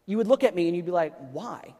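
A man's voice: sits high, racing, mellow. A man in his thirties preaching a sermon, telling a personal story in a casual, conversational way with rhetorical questions and fillers. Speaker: pastor. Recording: long reverb of a large hall.

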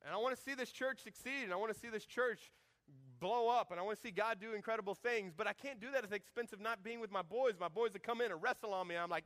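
High bright-voiced guy preaching a sermon, jokey, does little voices for quotes. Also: fast. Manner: animated, jokey, acts out quotes in shifting voices. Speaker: pastor.

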